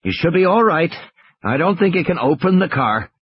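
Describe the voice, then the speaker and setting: A man voicing a calm adult man who gives firm instructions in a storybook reading. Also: fairly high pitch, moderate pace, slightly rough, no room sound, pitched above the performer's own voice. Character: calm adult man giving orders over radio. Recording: dull lo-fi audio.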